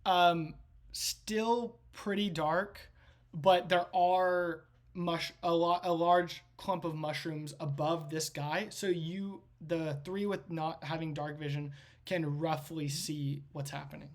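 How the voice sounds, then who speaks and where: A man's voice: on the high side, steady tone, slow. Man rambling through a game scene. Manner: rambling, filler-heavy descriptions. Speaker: game master. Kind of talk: improvised game narration.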